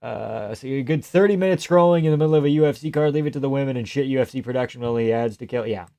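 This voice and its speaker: A young man hosts a live stream from home, rambling and joking as he reads out viewer chat. His voice sits at an ordinary middle pitch, and the sound is close and dry with no room behind it. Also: rapid-fire, gravelly, mellow, no echo. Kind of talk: casual live-stream commentary.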